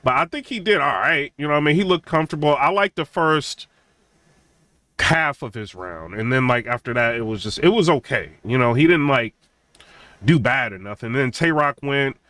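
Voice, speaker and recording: A man talks casually to his viewers, rambling and drawling filler words. His pitch swings up and down in an animated way. The sound is dry, with no room echo. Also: normal speed. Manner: laid-back, rambling, drawls "man" and "bro", laughs between points. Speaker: channel host reviewing a rap battle.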